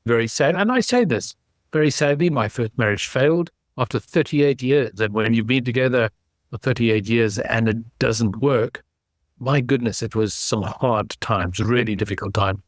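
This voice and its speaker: A man in his sixties speaks with a South African accent that carries a touch of English. His voice sits at a middling pitch, and he tells his story in a measured, unhurried way. The sound is dry and close. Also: no room sound. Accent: South African with some English. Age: 60s. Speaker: guest. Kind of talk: casual interview. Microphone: video call.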